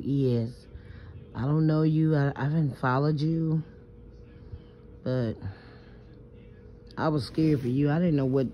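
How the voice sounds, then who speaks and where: A woman's voice: low-pitched, slight background noise. Brief: woman from New Orleans, stammering confessional vlog, lo-fi phone sound. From Southern US, New Orleans. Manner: rambling, stammering, emphatic, swears freely. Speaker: vlogger. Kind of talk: late-night confessional vlog. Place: in bed at night. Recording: muffled lo-fi phone audio.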